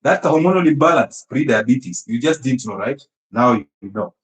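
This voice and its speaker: A man giving an animated health talk, emphatic and teasing, often laughing and throwing rhetorical questions at his listeners. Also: medium pitch, normal speed. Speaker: health speaker. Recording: echoey room.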